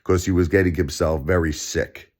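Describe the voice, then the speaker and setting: A man delivering a ranting vlog commentary, impassioned and emphatic, repeating himself and swinging up into shouts. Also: low-pitched, steady tone, moderate pace. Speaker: vlogger.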